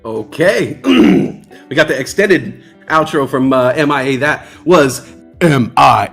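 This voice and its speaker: A man's voice: mid-range voice, sing-song, slow, fairly bright tone, faint music behind. A man hosting a casual trading livestream, joking around and reading out chat comments. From New York. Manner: playful, jokey, reads chat aloud. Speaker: livestream stock trading host.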